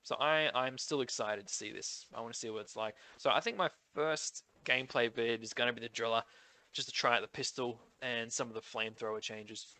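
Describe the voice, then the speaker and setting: Nasal Australian man, bright voice. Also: medium pitch, steady tone, brisk. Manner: chatty, rambling, thinks aloud. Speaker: gaming YouTuber. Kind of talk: casual commentary on update notes.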